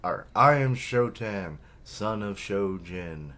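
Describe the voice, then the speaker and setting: A man's voice: fairly low pitch, lively intonation, takes it slowly, a bit bright. A man reading the lines of an anxious but determined younger brother, an archer, in an earnest way.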